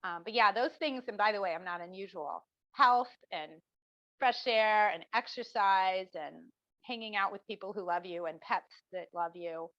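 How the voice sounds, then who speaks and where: A middle-aged woman, a marketing professor, answering interview questions as an animated storyteller who acts out the people she quotes. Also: mid-range voice, moderate pace, no echo. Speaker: marketing professor, podcast guest. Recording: dull dry lo-fi sound.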